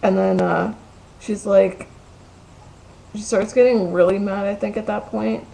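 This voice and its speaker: A woman's voice: medium pitch, steady tone, a little slow, creaky, dark tone, low-quality recording. A woman vlogging from her bedroom, telling a gossipy, profane story full of "like" in a casual ranting way.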